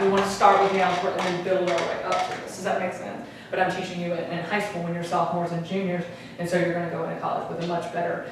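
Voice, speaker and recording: An energetic woman teaching a high school class, upbeat as she calls on her students one by one. Her voice carries through a very echoey classroom, picked up from a mic across the room with a clear hiss of background noise. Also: far from the mic.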